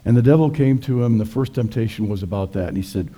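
A man preaching a sermon, telling folksy jokes in a relaxed storytelling way. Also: on the low side, fast talker. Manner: folksy, joking. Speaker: pastor.

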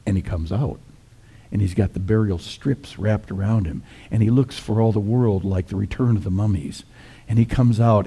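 A middle-aged male pastor tells a scripture story in a folksy, conversational way, like a sermon shared with friends. His voice sits low and mellow, with a husky, slightly worn grain. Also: normal speed.

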